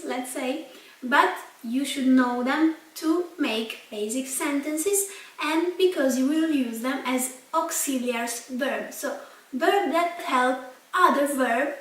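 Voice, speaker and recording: A young Italian woman with an Italian accent, teaching a language lesson slowly and carefully, repeating each word. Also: sits high, fairly bright tone. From Italy. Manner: spells out and repeats words slowly. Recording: echoey room, mic at a distance.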